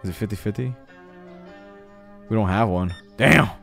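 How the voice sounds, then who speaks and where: A man's voice: fairly low pitch, normal speed, vocal fry, a bit bright, faint music behind. A young man streaming a game live, chatting casually, swearing a lot and laughing often. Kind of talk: casual live-stream chat while gaming.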